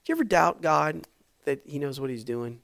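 A male preacher spins a story for his congregation in a relaxed, chatty sermon voice. He stumbles through fillers and restarts as he talks. He drops to quiet asides, then surges into loud, emphatic bursts. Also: fairly high pitch, a little fast, creaky, no room sound. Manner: conversational, frequent fillers and restarts; swings between soft asides and loud bursts.

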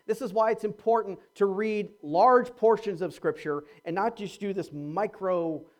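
A man preaching a sermon as a pastor, animated, swinging between loud and hushed, with stumbling repeats when he gets going. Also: sits high, unhurried.

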